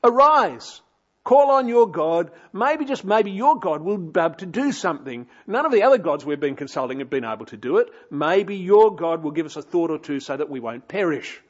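A man's voice: on the high side, very animated, normal speed, highs cut off. A man preaching voices a frightened ship captain, raised and pleading. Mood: urgent pleading.

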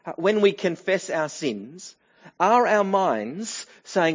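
A middle-aged man preaches a sermon in a church, his voice pitched a little high for a man. He talks conversationally, often pausing with fillers and starting phrases over. The recording sounds somewhat dull and lo-fi. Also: big pitch swings. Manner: conversational, with frequent fillers and restarts. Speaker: pastor.

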